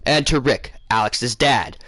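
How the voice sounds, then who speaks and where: A man casually telling his viewers a long dream story, rambling, losing his place and filling pauses with um and uh. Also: medium pitch, sharp tone, no echo. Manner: rambling, loses his place, many fillers. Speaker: gaming channel host.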